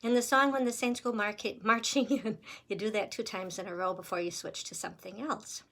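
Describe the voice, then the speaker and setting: A woman's voice: medium pitch, steady tone, a little fast, vocal fry, fairly bright tone. A woman music teacher giving a recorder lesson with patient, encouraging step-by-step instructions.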